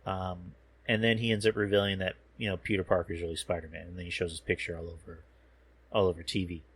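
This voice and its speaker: A man's voice: low-pitched, level tone, quick pace, breathy edge. A man hosting a podcast, casually recapping a film trailer while watching a show, rambling and swearing, often losing his words. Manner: rambling, profane, loses words mid-sentence. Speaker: podcast host.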